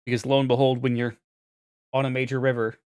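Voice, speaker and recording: A man's voice: medium pitch, little pitch movement, fast talker, a little mellow, smooth, dry recording, clean studio sound. A young man narrating as game master, rambling with fillers and restarts.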